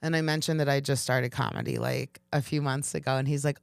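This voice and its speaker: A woman's voice: deep voice, animated, brisk, creaky, hardly any pauses. A woman comedian, a guest in a casual interview, telling stories animatedly, laughing often and acting out dialogue.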